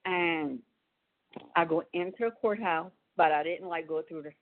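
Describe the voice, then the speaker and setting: A woman's voice: on the low side, normal speed. A woman, telling a story on a phone call and acting out the voices of the people in it. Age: 40s. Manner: animated storyteller acting out dialogue. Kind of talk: casual phone chat, storytelling. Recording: tinny phone line.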